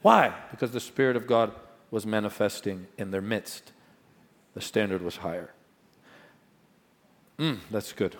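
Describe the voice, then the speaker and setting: A middle-aged male pastor preaching a sermon, swinging between loud proclamations and quiet asides. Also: fairly low pitch, unhurried, long pauses, big-room sound.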